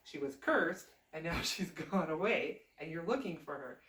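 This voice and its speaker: A woman's voice: low-pitched, animated, normal speed, noisy background. A woman voicing a blunt, knowing little old witch. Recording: roomy, distant mic.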